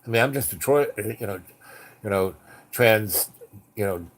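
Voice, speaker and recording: A man doing an emotional grown man who pours his words out in quick, earnest rushes. It is a light storyteller's voice, lightly shifted from the teller's own. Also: fairly low pitch, close to an everyday voice. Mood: worried. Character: anxious, emotional grown man, a former assassin.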